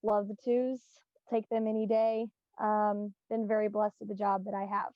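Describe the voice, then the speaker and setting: A young woman from Indiana, a panel guest, speaking in a sincere, measured way. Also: mid-range voice, little pitch movement, no echo, lo-fi sound. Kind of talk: casual panel chat.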